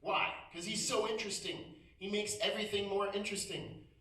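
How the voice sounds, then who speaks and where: Guy doing standup, dry jokey crowd-work, bright voice, echoey room, kinda far from the mic. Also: high voice, fairly even intonation, a little fast. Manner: conversational, wry, addresses the crowd. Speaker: stand-up comedian. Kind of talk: stand-up comedy set. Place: comedy club stage.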